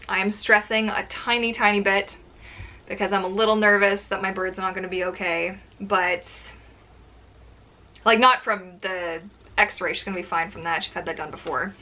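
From a home filming corner, a female vlogger talks casually to camera and rambles, using many filler words. She has a medium pitch and a sharp tone.

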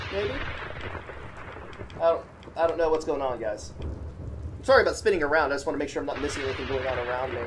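A let's play host offers casual, joking gaming commentary in a medium-pitched voice, with slight background noise. He chats with viewers and teases the game's characters.

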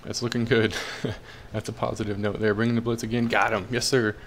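A man's voice: fairly low pitch, level tone, brisk, slight background noise. A young man casually commentating his own football video game, cheering and groaning at the plays. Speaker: gaming commentator.

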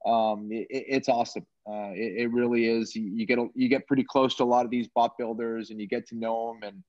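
A man's voice: medium pitch, flat delivery, darkish tone, dry recording. A man in a casual chat, a commentator who halts and restarts his sentences and fills the gaps with ums. His voice comes through a dull, lo-fi, dry remote mic. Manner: halting, many restarts and fillers. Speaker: sports commentator.

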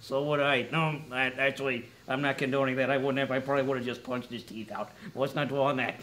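A man's voice: mid-range voice, steady tone, fast, a bit bright, slight background noise. A man co-hosting a casual top ten list show, rambling with wry asides and self-corrections. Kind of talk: casual joking commentary.

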